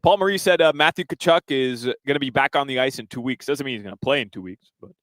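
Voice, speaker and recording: A man reading sports headlines and weather on a live radio show from an arena, brisk, with fillers between items. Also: mid-range voice, fairly bright tone, no room sound. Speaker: radio update reader. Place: live remote broadcast at an arena.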